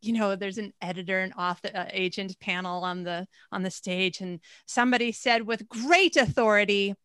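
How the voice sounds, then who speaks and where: A woman's voice: medium pitch, moderate pace, clean tone, no echo. Chatty woman with a dry sound. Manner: animated storyteller, laughs often, acts out her own thoughts. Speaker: romance author guest. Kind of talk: casual chat. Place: home, lives in Sweden.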